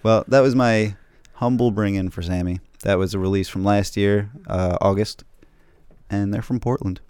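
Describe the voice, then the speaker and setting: A man's voice: fairly low pitch, steady tone, moderate pace, a little mellow, smooth, no echo. A man hosting a casual radio music show with a laid-back, dry-humored way of talking into a studio mic.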